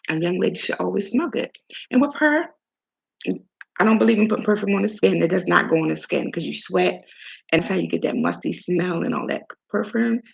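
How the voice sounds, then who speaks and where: Gravelly low-voiced woman chatting. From Maryland, USA. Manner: chatty storyteller acting out dialogue. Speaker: host. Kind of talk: casual chat. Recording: dull lo-fi sound.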